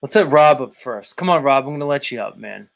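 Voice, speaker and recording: A man's voice: mid-range voice, lively intonation, fairly quick, creaky. A man hosting a casual live stream, reading viewer comments aloud and lecturing in a blunt, repetitive, emphatic way. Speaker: show host.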